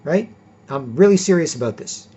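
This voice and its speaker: A man with a husky, slightly raised voice holds forth in a rambling vlog lecture. He is emphatic and blunt, swears freely and keeps checking in with "right?". The recording is dull and lo-fi. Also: a little high, lively intonation, normal speed, mellow. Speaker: vlogger. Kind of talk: casual lecturing monologue.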